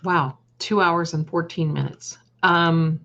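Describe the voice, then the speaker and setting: Woman, psychic livestream host, unhurried and halting, reads word lists aloud; muffled, low-fi sound. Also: steady tone, vocal fry, a bit bright. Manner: halting, trails off and restarts. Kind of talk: livestream chat with viewers.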